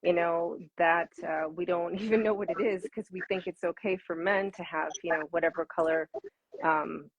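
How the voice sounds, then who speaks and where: A woman coach talks through an interview with animated energy, stacking repeated words for emphasis. Her voice sits a little low and has a husky, breathy edge. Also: normal speed, dry recording, muffled recording. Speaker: intimacy coach guest. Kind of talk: conversational interview answers.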